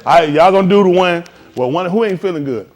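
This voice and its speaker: A man leading a group class with a lively, bouncing voice that climbs high when he teases. He jokes, laughs and calls out drills in an animated coaching manner, pitched a bit above most men. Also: quick pace. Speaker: class instructor.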